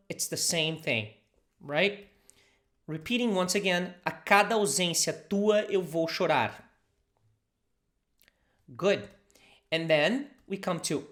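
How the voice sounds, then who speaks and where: A language teacher from southern Brazil, a native Portuguese speaker with a Brazilian accent, giving a casual lesson, patiently explaining and repeating phrases. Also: mid-range voice.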